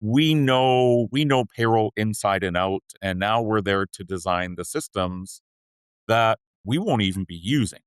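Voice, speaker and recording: A man's voice: lowish voice, expressive, measured pace, clear, resonant tone, no echo. A man guest on a podcast, chatting in an earnest, upbeat way with frequent restarts. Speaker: podcast guest, payroll leader. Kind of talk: casual interview chat.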